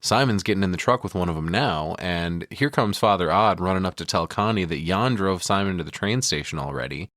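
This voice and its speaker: A man's voice: sits low, expressive, a little fast, hardly any pauses, a bit bright, no echo, studio quality. A man co-hosting a podcast, retelling a film's plot in a casual, profane way with chuckles. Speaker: podcast co-host. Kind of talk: casual movie recap.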